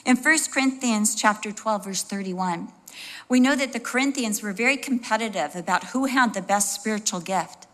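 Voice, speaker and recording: A middle-aged woman delivering a sermon. She speaks in a chatty, animated way, breaks into personal asides, and briefly acts out little voices to make her points. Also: mid-range voice, normal speed. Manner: conversational and expressive, with asides and little acted-out voices. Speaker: preacher.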